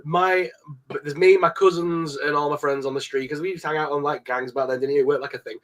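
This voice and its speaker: A man's voice: on the high side, steady tone, fast. A man co-hosting a casual podcast, telling stories and breaking into laughter. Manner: storytelling, bursts of laughter. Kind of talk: casual chat.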